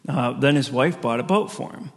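A pastor delivers a sermon, telling stories in a loose, conversational manner and chuckling frequently. His voice is medium-pitched at a moderate pace, with the long reverb of a large hall.

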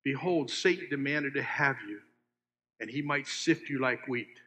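A man preaching a sermon, asking his listeners questions and swinging between loud emphasis and hushed asides. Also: mid-range voice, unhurried. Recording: long hall reverb.

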